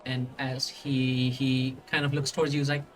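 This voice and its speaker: A man's voice: medium pitch, level tone, moderate pace. A man narrating a tabletop game as game master, rambling with many restarts. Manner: rambling, full of fillers and restarts.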